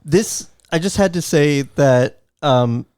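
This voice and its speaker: A man co-hosting a podcast, dropping wry, deadpan quips. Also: a little high, slow pace, clean tone, no room sound. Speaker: podcast co-host. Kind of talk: casual chat.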